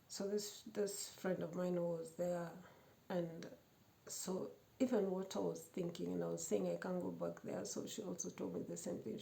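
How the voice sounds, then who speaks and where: A woman telling her personal testimony with emotion, repeating phrases and often dropping to a hushed whisper. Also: fairly low pitch, flat delivery, normal speed, gravelly, a little hiss or hum. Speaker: storyteller sharing a personal testimony.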